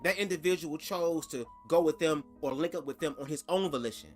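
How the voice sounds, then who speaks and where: A man's voice: a little high, fairly quick, soft background music. A man hosting a reaction commentary vlog, talking in a chatty, sassy and profane way. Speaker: commentary host.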